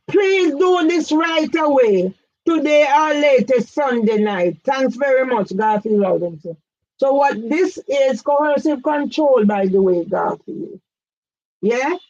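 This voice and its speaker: A woman's voice: high voice, darkish tone, highs cut off. A woman, giving an emphatic direct-address complaint, firing pointed questions at one man by name. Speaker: campaigner vlogger.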